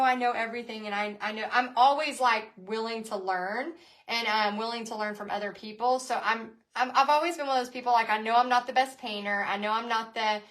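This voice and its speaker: A woman hosting a live online painting class, talking in an energetic, chatty way and often restarting her sentences. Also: a little high. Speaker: painting instructor and bootcamp host.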